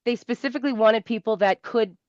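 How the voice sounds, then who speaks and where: A woman in her thirties with a South Shore Massachusetts accent, a comedian guest telling stories in a rambling, animated way and laughing often. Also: on the high side, a little fast, dry recording. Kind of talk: casual storytelling interview. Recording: dull lo-fi dry sound.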